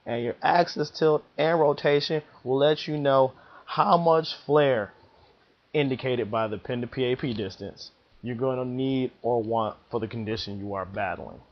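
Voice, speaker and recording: A man gives casual advice in a slangy, emphatic way at a medium pitch. The recording sounds dull and lo-fi. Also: unhurried. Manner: slangy, emphatic, laid-back. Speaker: bowling vlogger.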